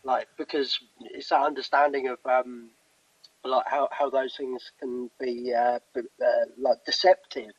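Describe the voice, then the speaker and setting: A man's voice: mid-range voice, flat delivery, unhurried, slightly rough, no room sound, muffled recording. A young British man, a comedian, chatting as a podcast guest in an easygoing, hesitant way with many fillers. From United Kingdom. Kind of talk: casual interview chat.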